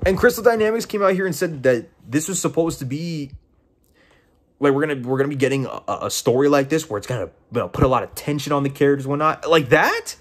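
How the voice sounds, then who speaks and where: A man's voice: a little high, lively intonation, quick pace. A young man giving casual game commentary, exasperated and profane, often incredulous. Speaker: game reviewer.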